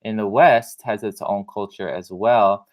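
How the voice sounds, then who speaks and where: Deep-voiced male teacher, casual and chatty. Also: fairly even intonation, unhurried. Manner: casual, chatty, many fillers and restarts. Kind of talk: recorded classroom lesson.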